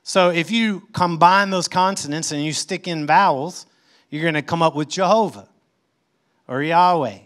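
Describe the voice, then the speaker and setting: The pastor, a man, speaks at normal speed as he reads scripture aloud and unpacks it in a conversational sermon. His voice swings emphatically in both pitch and volume.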